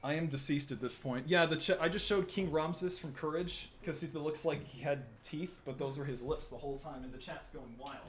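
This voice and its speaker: A man's voice: on the high side, normal speed, hardly any pauses. A man hosting a game stream, talking loosely and chattily to a guest and to his chat. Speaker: streamer host. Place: home room.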